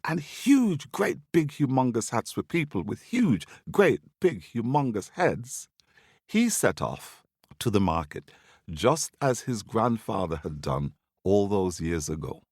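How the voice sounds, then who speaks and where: Lively, slow-telling man. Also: lowish voice, breathy edge, dry recording, studio quality. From Antigua. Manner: playful, expressive, with big rises for drama. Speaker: storyteller. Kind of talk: storytelling for children.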